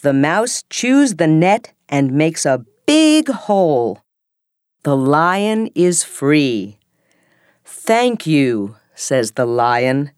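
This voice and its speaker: A woman reads a simple story for language learners at a very slow pace. Her delivery is clear and deliberate, and her low voice rises and falls a great deal. The sound is close and dry. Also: very animated, darkish tone, dry recording. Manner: clear and deliberate, every phrase set apart. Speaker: reader of a graded story for English learners.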